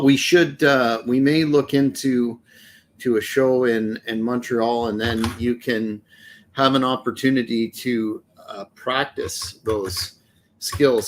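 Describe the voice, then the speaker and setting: A man from Canada, a wrestling manager co-hosting a podcast, talking in a measured, hesitant way with many fillers. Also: mid-range voice, slight background noise. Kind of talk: casual chat.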